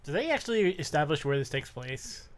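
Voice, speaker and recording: Smooth, fairly high man's voice. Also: sing-song, brisk. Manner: thoughtful, with filler words. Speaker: podcast co-host. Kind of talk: casual commentary chat.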